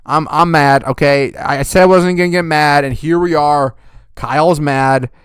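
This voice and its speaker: Brief: young male golf podcast host, profane ranter, smooth clear voice, dry close sound. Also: a little high, fairly even intonation, normal speed, no echo. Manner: swears constantly, rants loudly, then winds down. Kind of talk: profane ranting recap.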